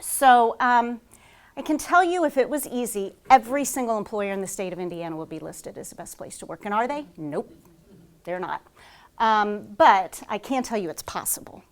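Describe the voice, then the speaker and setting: A woman HR consultant giving a conference talk to a live audience, telling stories at a rapid clip with frequent fillers. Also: mid-range voice. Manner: fast-paced, says she talks like an auctioneer; lively storytelling with frequent "um" fillers.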